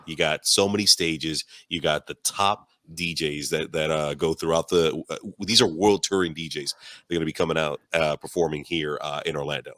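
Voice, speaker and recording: A man's voice: very deep voice, no room sound, studio quality. A man on a radio comedy show reading a hyped promo and joining the banter. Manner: lively, hyped, drawn-out promo reads.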